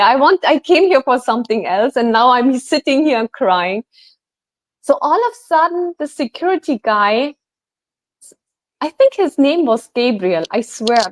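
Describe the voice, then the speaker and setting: Chatty higher-voiced woman telling a story. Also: a little hiss or hum. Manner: animated, chatty, many fillers like "like" and "you know". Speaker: guest healer. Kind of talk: casual storytelling.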